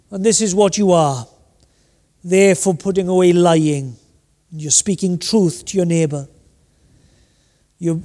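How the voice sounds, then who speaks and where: A man's voice: on the high side, warm tone. A man preaching a sermon, emphatic and rhetorical. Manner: emphatic, rhetorical, acts out little voices. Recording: hall reverb.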